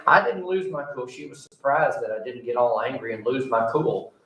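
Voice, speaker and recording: A man's voice: medium pitch, moderate pace, fairly bright tone. A male pastor preaching a sermon in a folksy, conversational way, telling a personal story with a joking aside. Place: church sanctuary. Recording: roomy sound from a distant mic.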